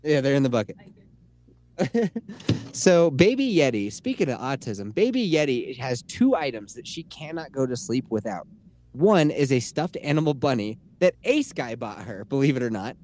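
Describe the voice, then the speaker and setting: Teasing, lively male podcast host. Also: mid-range voice, moderate pace. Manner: joking, teasing, laughs a lot. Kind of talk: casual chat.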